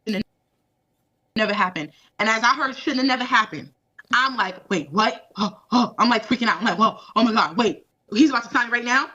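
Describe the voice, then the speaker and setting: A woman recovering from a cold, telling her story in an interview with lively animation. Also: on the high side, a little fast. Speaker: interviewee recounting her release. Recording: dull, lo-fi clip.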